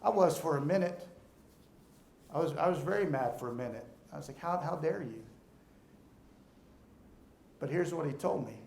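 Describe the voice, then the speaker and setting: Middle-aged man, gravelly, earnest motivational speaker, stammers into sentences; echoey room. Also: fairly high pitch, a little fast, a little mellow, a little hiss or hum. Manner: earnest, repeats words when starting sentences. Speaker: alumnus speaker. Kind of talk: motivational speech to an audience. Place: room with an audience.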